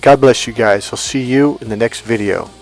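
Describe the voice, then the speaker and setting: A middle-aged man, a dating coach, telling a personal story in a vlog with animated, acted-out delivery. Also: medium pitch, moderate pace, soft background music. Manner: animated storyteller, acts out quotes.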